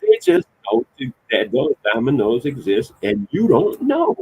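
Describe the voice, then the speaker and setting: Blunt, husky-voiced man on a tinny line. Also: medium pitch, wildly swooping pitch, unhurried. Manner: blunt, colloquial and preachy. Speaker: motivational speaker. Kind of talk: casual motivational monologue. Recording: tinny phone-like sound.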